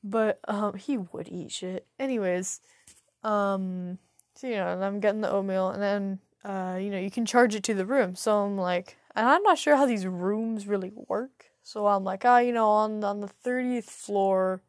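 A woman's voice: medium pitch, moderate pace, dry recording, studio quality. A young adult woman hosting a podcast, telling a rambling, profane story full of stuttering restarts. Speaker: podcast host. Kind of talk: casual solo storytelling.

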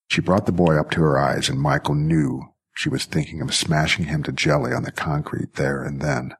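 A man reading a science-fiction story aloud as narrator, with steady, even storytelling. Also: extremely low pitch, moderate pace, few pauses, slightly rough. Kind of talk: scripted audiobook narration.

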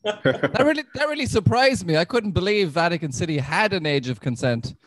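Higher-voiced Irish man doing stand-up. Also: animated, a little fast, a bit bright, dry recording. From Ireland. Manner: self-deprecating, with loose restarts. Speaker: stand-up comedian. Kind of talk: stand-up set.

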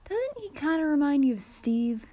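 A woman's voice: high-pitched, sing-song, moderate pace, mellow, pitched above the performer's own voice. A woman voicing a cheeky young man who teases in a casual way. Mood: teasing.

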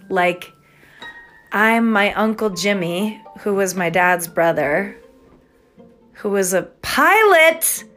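A woman at home giving a giggly, excitable, rambling late-night monologue that jumps from one thought to the next. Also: mid-range voice. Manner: giggly, excitable, stream-of-consciousness. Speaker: podcaster.

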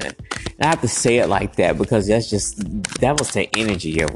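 A woman's voice: extremely low pitch, very animated, moderate pace, vocal fry. A woman giving a loose, profane, playful tarot reading to her viewers in a casual vlog. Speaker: tarot reader. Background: music playing.

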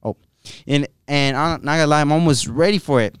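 A man's voice: fairly high pitch, a little fast, clear, resonant tone, no room sound. A teenage boy, the club's vice president, chatting casually and rambling with many restarts. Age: teens. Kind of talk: casual chat.

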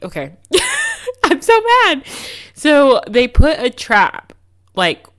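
A young woman hosting a casual solo podcast, telling stories in an animated, exasperated way with lots of fillers. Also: mid-range voice. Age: young adult. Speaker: podcast host.

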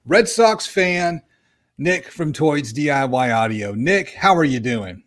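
A man's voice: fairly high pitch, animated, slow pace, fairly bright tone. A man hosts a live stream podcast in an easy, chatty way. He pokes fun at himself and reads viewer comments aloud as he goes. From American South. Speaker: podcast host. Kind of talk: casual live-stream chat.

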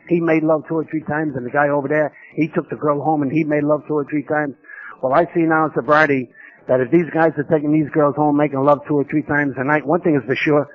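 A man with a somewhat high voice tells his life story to a conference audience. He mocks himself and keeps repeating vivid details. The old tape sounds muffled and dull. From New York. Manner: humorous, self-mocking storytelling with vivid repetition. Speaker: speaker sharing his recovery story. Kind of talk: storytelling talk at a recovery conference.

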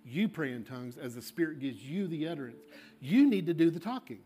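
A man's voice: fairly high pitch, expressive, fairly quick, mellow. A man, a pastor, leading an altar call and fervent prayer in a coaxing, repetitive way. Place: church sanctuary.

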